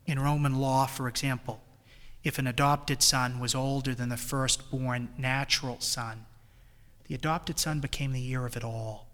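A man's voice: medium pitch, fairly even intonation, moderate pace, a bit bright, long reverb tail. A man with a New England accent preaching a retreat sermon, swelling emphatically on key phrases. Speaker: priest leading a retreat.

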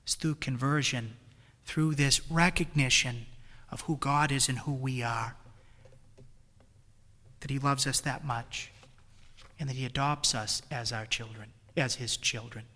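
A man's voice: mid-range voice, fairly even intonation, measured pace, pauses often, pushed and bright, long reverb tail. A man with a New England accent preaching a retreat sermon, swelling emphatically on key phrases. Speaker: priest leading a retreat.

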